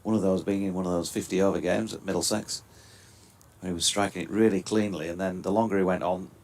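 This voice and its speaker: A man giving relaxed, chatty live cricket commentary with dry quips. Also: low-pitched, quick pace.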